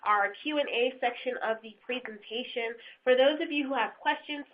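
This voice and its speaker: A woman presenting a webinar, upbeat and formal as she hands over and answers about payment. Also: fairly high pitch. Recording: dull lo-fi line.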